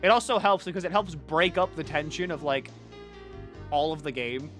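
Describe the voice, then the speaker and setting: A young man streaming a game, chatting casually in a rambling, excitable way, swearing often and acting out silly character voices. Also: a little high, moderate pace, soft background music. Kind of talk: casual chat while gaming.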